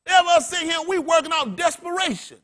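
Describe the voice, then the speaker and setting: Man, pastor, high voice, bright sharp tone, impassioned sermon, colloquial preaching. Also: fairly quick. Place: congregation gathering.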